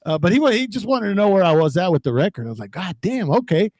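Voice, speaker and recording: A man from Texas, a guest on a video call, telling stories in a profane, animated way. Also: high voice, very fast, no room sound. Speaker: guest, former record label owner. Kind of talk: casual chat on a video call.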